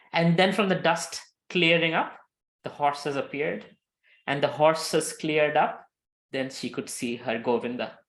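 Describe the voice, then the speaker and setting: A man teaching a scripture lesson, telling a story with lively acted quotes and many fillers. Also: a little high. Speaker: spiritual teacher.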